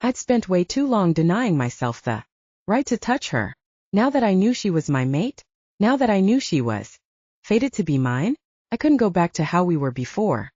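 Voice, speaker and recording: A woman narrates a romance audiobook in a low, warm voice. Her reading is steady but animated in pitch. The recording is dry and somewhat dull. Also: moderate pace, dry recording. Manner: first-person, steady reading. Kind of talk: scripted narration.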